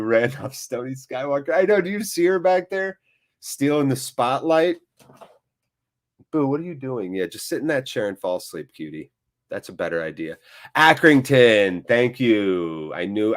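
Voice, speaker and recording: A man hosting a live football watchalong, chatting playfully and answering viewers by name. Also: mid-range voice. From United States. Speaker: host of a fan channel. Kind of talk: live match watchalong commentary and chat.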